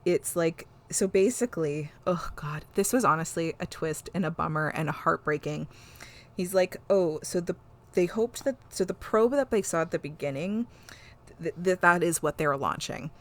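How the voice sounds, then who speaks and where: A woman hosting a podcast, retelling a TV episode in a casual, animated way and swearing freely. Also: on the low side, moderate pace. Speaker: podcast host. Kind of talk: casual chat recapping an episode.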